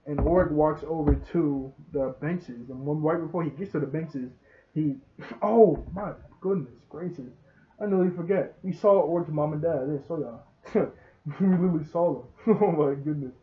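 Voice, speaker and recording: A chatty man recaps a show, laughing often and breaking into bits of acted dialogue. His voice sits a little higher than average. The sound is thin and tinny, like a phone line. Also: normal speed. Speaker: show reviewer. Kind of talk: casual recap.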